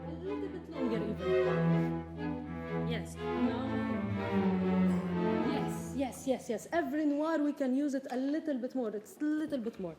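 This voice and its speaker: High-voiced woman conductor in a hall. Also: lively intonation, measured pace, pauses often, loud music behind the voice. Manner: sings out rhythms, coaching and encouraging. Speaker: orchestra conductor. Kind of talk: orchestra rehearsal instructions. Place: concert hall with orchestra. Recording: reverberant hall, orchestra behind.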